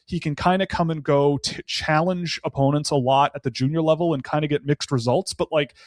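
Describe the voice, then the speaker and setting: A man's voice: a little high, steady tone, fairly quick, dry recording, studio quality. Rambling man breaking down prospects. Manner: rambling, thinks aloud with many restarts. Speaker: draft analyst guest. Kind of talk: casual podcast analysis.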